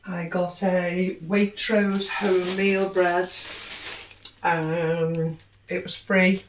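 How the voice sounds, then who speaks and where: A woman's voice: fairly low pitch, level tone, very slow. Chatty woman in a roomy echo. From United Kingdom. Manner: chatty, cheerfully tallying prices and savings. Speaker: vlogger. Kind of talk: casual grocery haul vlog. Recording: roomy echo, distant mic, faint noise.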